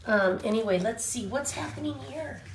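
A woman's voice: a little high, expressive, normal speed. Cooing woman in an echoey room. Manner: cooing baby talk to the dogs. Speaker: dog rescue volunteer. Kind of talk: casual vlog filming puppies. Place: indoor room with dogs. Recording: echoey room, faint background noise.

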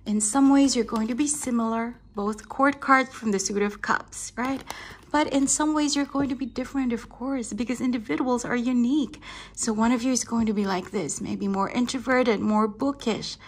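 A woman's voice: a little high, steady tone, normal speed. A woman giving a tarot reading straight to the viewer, reassuring and affectionate, calling them darling, asking "right?" often and laughing between points. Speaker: tarot reader.

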